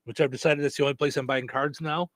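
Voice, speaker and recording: A man with a high, bright voice co-hosts a casual radio chat. He stumbles through fillers and restarts as he tells a story. The sound is dry and close. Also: fairly even intonation, quick pace, no room sound. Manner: many fillers and restarts, laughs easily. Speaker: radio show co-host.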